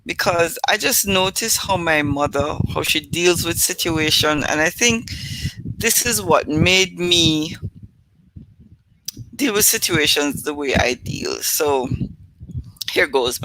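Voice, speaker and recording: Middle-aged Jamaican woman host, bright and chatty, casual storyteller. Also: low-pitched, slow pace, slight background noise, rough recording. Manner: chatty, laughs at her own stories. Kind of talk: casual live-stream storytelling.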